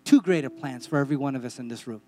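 A man's voice: medium pitch, racing, dark tone. A man preaching a sermon as pastor in a church, emphatic, with repeated calls and amens.

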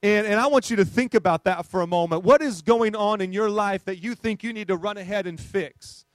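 High-voiced man preaching a lively sermon. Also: brisk, no room sound. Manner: animated, conversational, frequent rhetorical questions. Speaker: pastor.

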